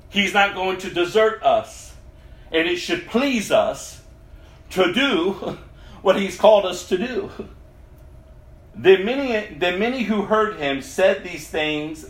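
High lively voiced preacher guy, slow and fired up, roomy echo. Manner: impassioned, laughing between lines. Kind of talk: sermon with scripture reading.

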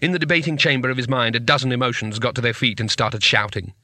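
A man narrating a comic fantasy audiobook in a wry, measured way. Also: mid-range voice, bright, forceful tone, dry recording, studio quality. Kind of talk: scripted narration.

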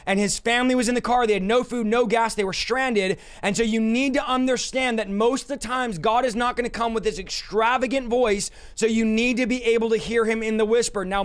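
A young man preaching a sermon directly to his listeners, with an emphatic manner. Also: very high voice. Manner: emphatic, direct, addresses listeners as "you guys".

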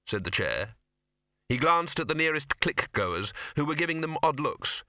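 Lively bright-voiced male narrator. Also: on the high side, moderate pace, no echo, clean studio sound. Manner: lively, voices many characters. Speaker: audiobook narrator. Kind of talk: scripted narration.

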